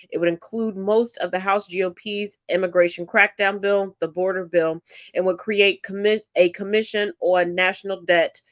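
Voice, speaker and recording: A woman's voice: mid-range voice, no room sound. Congested woman hosting commentary. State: congested, stuffy-nosed. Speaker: political commentary host. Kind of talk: solo political commentary.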